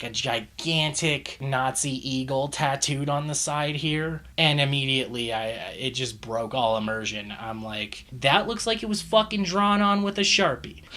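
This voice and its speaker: A man's voice: mid-range voice, a bit bright. A man giving a casual, profane movie review, exasperated and ranting, swearing often.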